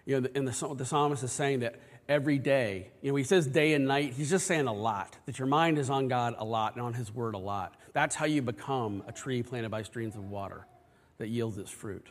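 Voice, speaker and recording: Male pastor, mid-pitched, earnest and conversational, sermon recorded with long church reverb. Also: normal speed. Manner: conversational, earnest, frequent restarts. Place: church sanctuary.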